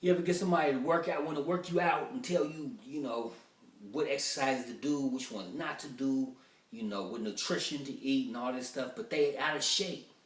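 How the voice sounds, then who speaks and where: Man rambling through rough stand-up jokes. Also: mid-range voice, fairly quick, echoey room, recorded from a distance. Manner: loose, rambling, acts out quoted voices. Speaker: stand-up comedian. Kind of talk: rough-draft stand-up rehearsal.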